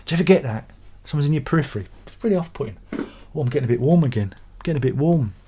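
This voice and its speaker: A man's voice: on the high side, lively intonation, racing, dark tone, a little hiss or hum. Middle-aged man, live-stream host, casual rambling chat, sardonic grumbles, mock exasperation. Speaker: livestream host reading viewer comments.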